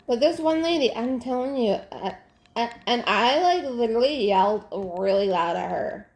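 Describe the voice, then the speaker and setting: A woman's voice: fairly high pitch, expressive, normal speed, darkish tone. Exasperated woman venting over crafts. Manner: venting, exasperated, many fillers and restarts. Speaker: crafting vlogger. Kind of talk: casual chat while crafting. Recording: roomy echo.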